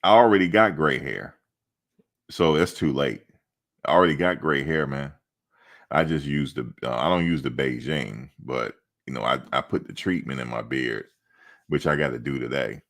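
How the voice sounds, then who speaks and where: Man with a very deep voice. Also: normal speed. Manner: playful, animated, joking, slangy; repeats himself for emphasis. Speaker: host of a college football fan show. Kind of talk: casual fan commentary.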